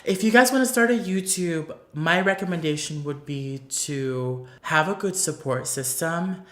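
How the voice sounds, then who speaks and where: Gushing, emotional and leaning heavily on "like," a beauty YouTuber from Orlando, Florida, answers fan questions in a casual video in front of a paper backdrop. His voice is a little high and somewhat bright, at a measured pace. There's a roomy echo in the sound.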